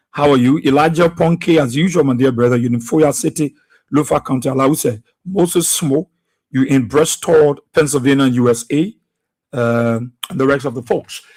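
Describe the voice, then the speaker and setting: A man's voice: mid-range voice, husky. A man hosting a live radio show, reading out listener names and where they are tuning in from, one after another. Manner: reads listener names and places in a steady greeting rhythm. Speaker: radio talk show host. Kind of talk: live radio call-in greetings.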